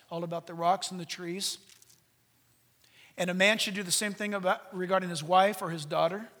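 High-voiced man preaching in a reverberant hall. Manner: animated preaching, mimics voices in a high shout. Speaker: pastor. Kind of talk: sermon.

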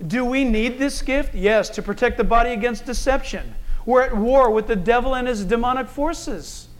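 A man preaching a sermon, animated and conversational, acting out quoted people and telling stories. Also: very high-pitched, moderate pace. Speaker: pastor.

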